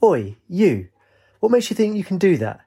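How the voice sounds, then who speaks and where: A man's voice: sing-song, normal speed, dark tone, slightly rough, exaggerated voice. A man voicing Katie, a feisty, wild young woman, in a storybook reading. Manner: raised pitch, feisty.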